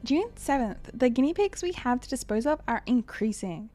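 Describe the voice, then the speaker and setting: A woman's voice: high voice, sing-song, normal speed, warm tone, faint music behind. A woman voicing a weary, frightened lab manager who reads diary entries aloud in an earnest, somber way.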